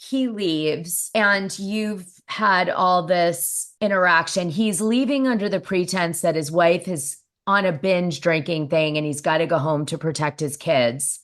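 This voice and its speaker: A woman's voice: on the low side, unhurried, few pauses. A woman hosting a podcast, asking probing follow-up questions and recapping her guest's story. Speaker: podcast host. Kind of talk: interviewing a guest.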